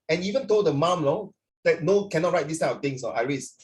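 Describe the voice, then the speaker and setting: Tutor guy on a video call, voice on the higher side, rambly lots of uh and ah. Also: fairly quick. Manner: rambling, filler-heavy, animated. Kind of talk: online class teaching.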